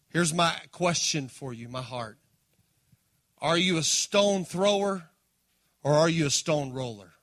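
A man delivers a sermon, his voice sitting high and ringing bright. He drives points home with bursts of force, then pulls back to quiet, earnest appeals. He calls out to the congregation as he goes. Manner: impassioned preaching, swinging between loud emphasis and hushed appeals. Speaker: pastor.

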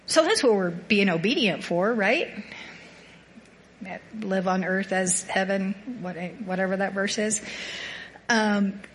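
A woman's voice: medium pitch, slow, long pauses, slight background noise. A woman sharing a personal faith reflection in casual talk, rambling and self-deprecating, telling a story with animation. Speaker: small group participant sharing a reflection.

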